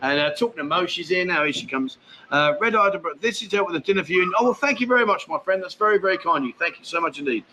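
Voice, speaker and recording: An English man hosting a laid-back livestream, his voice bright and forward with a slightly raised pitch. He talks bluntly and chattily, answering viewers and calling them mate. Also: lively intonation, fast talker, slight background noise. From England. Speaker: livestream host. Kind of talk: casual livestream chat answering viewer comments. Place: expat home in Thailand.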